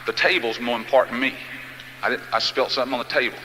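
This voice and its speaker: A man voicing a small girl who feels hurt by her mother, quiet and sad. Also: medium pitch, fairly even intonation, racing, long reverb tail, slight background noise, pitched below the performer's own voice, lightly acted, poor audio. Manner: quiet, wounded.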